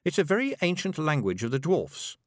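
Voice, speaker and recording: A man voicing a cool, sly young witch girl who speaks slowly and sweetly with a cutting edge, in an audiobook. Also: fairly high pitch, no room sound, studio quality, voice pushed up. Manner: slow, calm, sweetly cutting.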